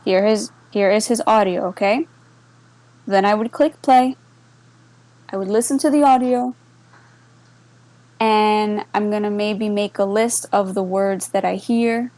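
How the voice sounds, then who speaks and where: A woman's voice: mid-range voice, measured pace, pauses often, no room sound, low-quality recording. Woman giving a casual bilingual tutorial. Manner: switches between English and Spanish, checks in with "okay?"; relaxed, with many fillers. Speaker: server moderator explaining a bot. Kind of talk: casual screen-share tutorial.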